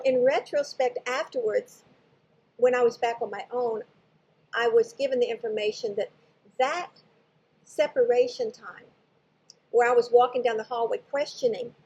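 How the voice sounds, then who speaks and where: A woman's voice: fairly high pitch, darkish tone, highs cut off, a little hiss or hum. An older woman casually telling a personal spiritual story, rambling and often correcting herself as she goes. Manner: rambling, digressive, self-correcting. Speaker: spiritual channel host.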